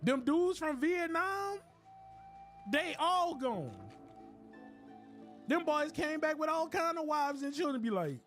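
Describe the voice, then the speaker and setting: High voiced guy streaming, goofy rant, bounces all over, bit of game music under. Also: slow, long pauses. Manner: animated joking rant with laughs and voices. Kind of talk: casual comedic commentary while gaming.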